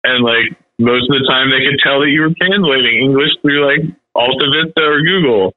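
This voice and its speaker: A man's voice: medium pitch, fairly quick, no echo. A man talks in an easygoing, rambling way, stringing thoughts together with "like" and the odd curse. His voice comes through a dry, tinny, phone-like line with no room sound. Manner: laid-back, rambling, heavy on "like" and "dude", swears casually. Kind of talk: casual chat.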